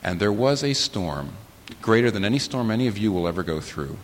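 A pastor preaches with animated passion in a church sanctuary, his voice jumping in pitch and volume from low, slow, weighty lines to abrupt loud, high bursts. Heavy pauses punctuate it, and the big hall echoes under a faint hiss.

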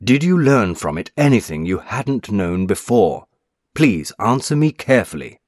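A man reading aloud voices a stern, brisk male doctor who speaks firmly and insistently. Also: on the low side, sing-song, a little mellow, no echo, studio quality, pitched above the performer's own voice. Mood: stern, probing.

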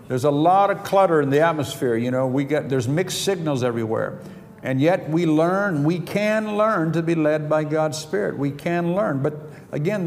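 Chuckling preacher in a big reverberant hall. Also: male voice, fairly high pitch. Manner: storytelling with chuckles, quoting dialogue in his own voice. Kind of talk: sermon. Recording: reverberant hall, faint background noise.

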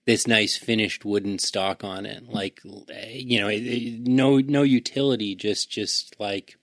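A man's voice: fairly low pitch, fairly even intonation, a little slow, a bit bright, no echo, clean studio sound. Hesitant man musing about a film. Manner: hesitant, many fillers, laughs often. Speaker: podcast co-host. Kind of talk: casual film discussion.

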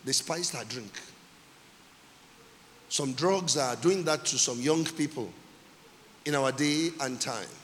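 A male pastor preaching a sermon, repeating key phrases and shouting for emphasis. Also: medium pitch, slow, pauses often, a little hiss or hum. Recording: long hall reverb.

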